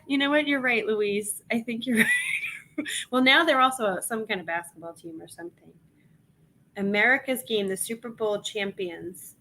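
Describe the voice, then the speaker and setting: A woman's voice: mid-range voice, bright, forceful tone. A woman hosting a casual reselling livestream, chatting with viewers while she lists items and laughing often. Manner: chatty, laughs often, reads chat aloud.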